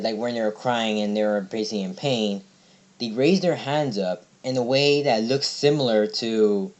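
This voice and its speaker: A man's voice: fairly low pitch, a little mellow. Rambling young man recapping a cartoon. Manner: rambling, many fillers and restarts. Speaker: video reviewer. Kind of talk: casual episode recap and review.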